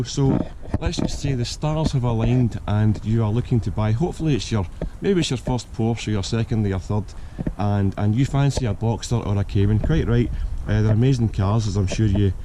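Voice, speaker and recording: Croaky man with a cold. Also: on the low side, brisk, hardly any pauses, noisy background. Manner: hesitant, many ums and restarts. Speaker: car channel host. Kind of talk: casual advice to camera.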